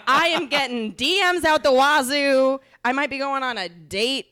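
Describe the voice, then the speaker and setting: A woman's voice: sits high, normal speed, bright, forceful tone. A woman chatting as a guest on a podcast, laughing a lot and mimicking others in big exaggerated voices. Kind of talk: casual podcast banter.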